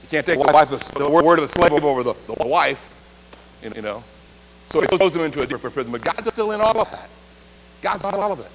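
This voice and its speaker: A man preaching a sermon, leading the congregation in call-and-response and shifting between loud and quiet delivery. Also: fairly high pitch, animated, fairly quick. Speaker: pastor. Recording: reverberant hall, faint hum.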